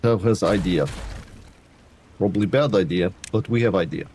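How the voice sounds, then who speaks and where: A man live-streaming a game in a deliberately bad, broken-English Eastern European put-on, mock-serious and dropping his articles. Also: low-pitched, mellow, slight background noise. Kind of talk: playful accent bit while live-streaming a game.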